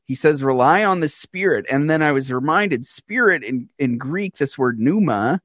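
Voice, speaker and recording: A man who is a pastor and co-host, talking in a relaxed, reflective way during a casual chat. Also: fairly high pitch, moderate pace, dry recording. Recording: dry, dull lo-fi sound.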